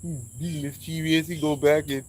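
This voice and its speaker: A man's voice: on the high side, little pitch movement, moderate pace, darkish tone, a little hiss or hum. A man giving a casual spiritual monologue, preachy and emphatic, swearing freely as he talks. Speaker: speaker sharing spiritual views.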